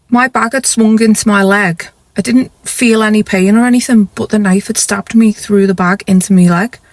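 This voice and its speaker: A woman's voice: mid-range voice, no room sound. A woman, telling a personal story to camera in a rambling, confessional way with frequent restarts. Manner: rambling, self-correcting, confessional. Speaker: vlogger.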